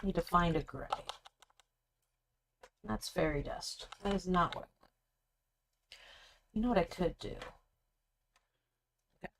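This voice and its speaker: A woman's voice: on the low side, takes it slowly, pauses often, a bit bright, a little hiss or hum. A young woman hosting a live miniature-painting stream, chatting casually and teasing her co-host while she paints. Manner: chatty, teasing, laughs often.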